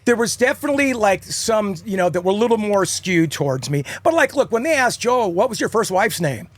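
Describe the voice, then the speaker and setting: A man in his fifties, a podcast guest, telling casual stories in an animated way and acting out quotes. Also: high voice, a little fast. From United States. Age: 50s. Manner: animated, acts out quotes in funny voices. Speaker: podcast guest, rock singer. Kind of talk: casual storytelling.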